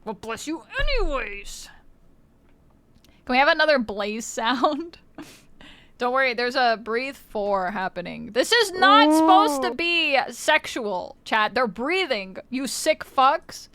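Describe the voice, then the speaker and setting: Woman streamer, playful and foul-mouthed, pitched a bit high with a bouncy voice; dry, close sound. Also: animated, slow, sharp tone, no echo. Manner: playful, swears freely, laughs often. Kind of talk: casual livestream chat.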